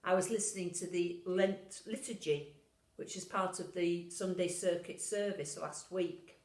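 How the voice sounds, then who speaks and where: A woman minister reading a pastoral letter in a gentle, reflective way. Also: lowish voice, fairly even intonation, a little slow, echoey room, low-quality recording. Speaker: Methodist minister. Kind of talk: pastoral letter read aloud.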